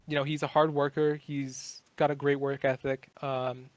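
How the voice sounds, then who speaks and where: A man's voice: mid-range voice, flat delivery, normal speed, dry recording. A man in his twenties, a podcast guest, chatting casually in a rambling, profane way with many fillers. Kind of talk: casual chat.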